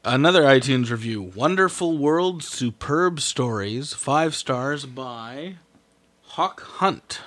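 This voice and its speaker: A man's voice: mid-range voice, animated, slow pace, fairly bright tone. A man co-hosting a podcast, reading listener reviews aloud in a playful, casual way. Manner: playful, laughs while reading.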